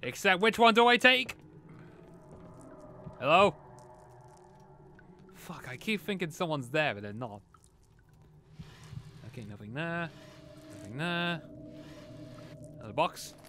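A man's voice: mid-range voice, sing-song, takes it slowly, pauses often, sharp tone. A young man casually commenting on a horror game as he plays, talking to himself and calling out at every noise. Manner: jumpy, talks to himself, startled outbursts. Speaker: gamer playing a horror game. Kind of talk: casual let's-play commentary.

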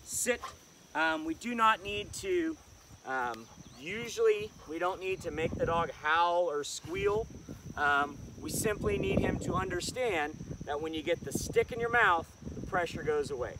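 Man, dog trainer, outdoor lesson, calm explaining, lively pitch, distant mic, insect noise. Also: moderate pace. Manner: calm explaining, sharp short commands to the dog. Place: outdoors in the countryside.

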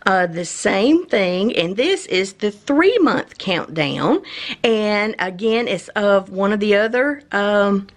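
An excitable woman hosts a collectible-pin unboxing video, exclaiming over each item. Her pitch leaps and swoops all over the place. She takes her time, with a slow, unhurried pace between the outbursts. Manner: gushing and excited, exclaiming often. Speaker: channel host.

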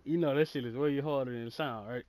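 A man chatting casually while gaming with friends, bossy and profane, barking quick orders at his teammates. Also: medium pitch, darkish tone, a little hiss or hum. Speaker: gamer. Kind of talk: casual game chat with friends.

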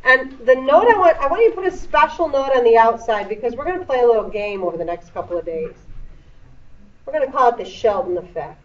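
A woman's voice: a little high, animated, fast, far from the mic. A woman teaching a middle school English lesson in a classroom, explaining patiently with playful asides. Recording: echoey classroom recorded from afar, dull.

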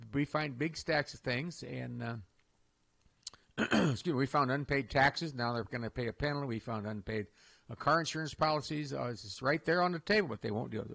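Older man, radio host, gravelly, slightly high-pitched, folksy rambling talk. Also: fairly bright tone. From Iowa. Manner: folksy and rambling, with many restarts and chuckles. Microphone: studio microphone.

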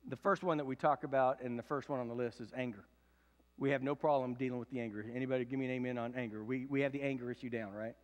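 A man's voice: fairly even intonation, quick pace. Preaching man in his fifties, reverberant hall. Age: 50s. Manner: swings from loud emphatic preaching to low confiding tones. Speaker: pastor. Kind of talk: sermon. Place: church sanctuary.

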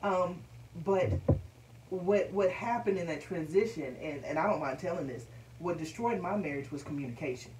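A woman's voice: on the low side, normal speed. A woman in her forties speaking candidly as an interview guest, emotional and confessional, often repeating words. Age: 40s. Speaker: podcast guest. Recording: echoey room, distant mic, faint noise.

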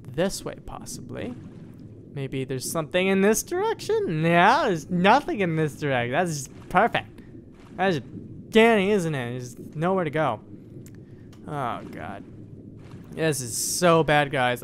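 A man hosting his gaming channel, giving excitable, rambling and playfully dramatic commentary while he plays. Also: a little high, slight background noise. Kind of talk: gameplay commentary.

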